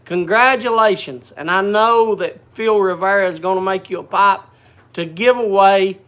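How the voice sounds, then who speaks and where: A man's voice: high voice, normal speed, a bit bright, clear, resonant tone. A man hosting a casual livestream, chatting and greeting viewers by name. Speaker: livestream host. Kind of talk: casual chat.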